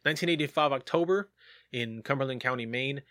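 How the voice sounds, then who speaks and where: A man's voice: medium pitch, fairly quick, fairly bright tone, dry recording. A man hosting a casual podcast, reading sighting reports aloud and joking about them. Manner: jokey, reads reports aloud with asides.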